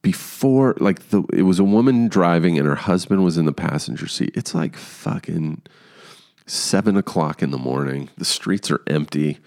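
A man hosting a podcast who tells a story on his own in a casual, animated way, swearing often. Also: low-pitched, moderate pace, gravelly. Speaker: podcast host.

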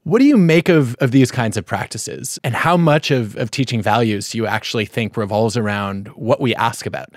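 A man's voice: medium pitch, moderate pace, few pauses, no room sound. Guy hosting a podcast, reflective, asks thoughtful questions, dry mic. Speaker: podcast host. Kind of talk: podcast conversation.

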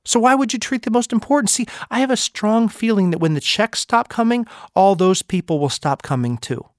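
A podcast host and speaker gives an emphatic motivational talk, firing off rhetorical questions. His voice is high-pitched, animated, and brisk, captured as clean studio sound with no room sound.

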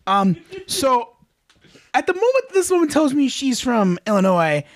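Podcast co-host, male, high-pitched and lively, acts out quotes in dry close-mic chat. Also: a little slow, no echo. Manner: animated storyteller, acts out quotes, laughs often. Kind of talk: casual storytelling chat.

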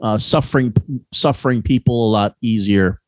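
A man's voice: lowish voice, moderate pace, dry recording. A man co-hosting a podcast, talking casually, rambling with many restarts and fillers. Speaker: podcast co-host. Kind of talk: casual chat.

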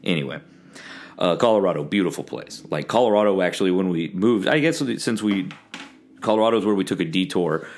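A man's voice: low voice, animated, brisk. A young man from East Texas guest-hosting a podcast, telling a road trip story in a wry, rambling way with lots of ums and restarts, close on the mic. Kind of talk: casual solo storytelling. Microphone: close podcast microphone.

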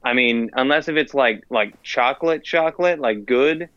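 Teen boy co-host, bright forceful voice, dry dull lo-fi sound, rambling storyteller. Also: medium pitch, normal speed, clean tone, dry recording. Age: teens. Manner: rambling, self-correcting storyteller. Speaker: podcast co-host. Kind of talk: casual chat.

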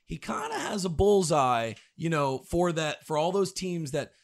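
Guy cohost, slightly high voice, trips over words a lot while asking long questions. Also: expressive, measured pace, gravelly. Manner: stumbling repeats, builds long questions. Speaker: podcast co-host. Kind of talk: casual interview.

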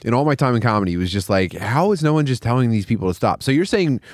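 A man's voice: mid-range voice, big pitch swings, fast, darkish tone, no echo, studio quality. A man, a comedian co-host, riffing and teasing on absurd scenarios in casual podcast banter.

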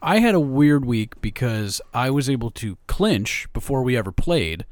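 A man's voice: medium pitch, big pitch swings, moderate pace. Profane, rambling man talking football. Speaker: podcast co-host. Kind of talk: casual sports chat.

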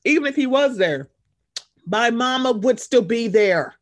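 A woman co-hosting a podcast in casual chat, animated and expressive, swearing freely. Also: on the high side, a little slow. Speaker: podcast co-host.

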